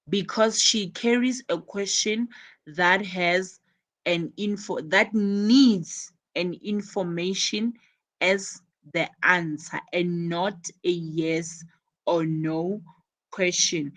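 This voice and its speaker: A woman teaching an English lesson, repeating example phrases slowly and carefully. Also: lowish voice, steady tone, fairly bright tone. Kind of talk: English lesson explaining conversation.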